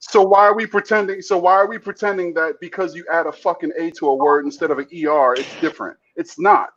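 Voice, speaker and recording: A man's voice: fairly high pitch, steady tone, quick pace, fairly bright tone, lo-fi sound. A man co-hosting a heated casual discussion, talking bluntly and emphatically with frequent profanity and repeated false starts. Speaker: podcast co-host.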